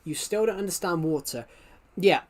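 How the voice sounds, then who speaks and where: A man's voice: high-pitched, normal speed, darkish tone. A British man chatting casually on a game stream, rambling and repeating himself, his mic set a bit away behind a laptop. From Britain. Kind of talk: casual gaming stream chat.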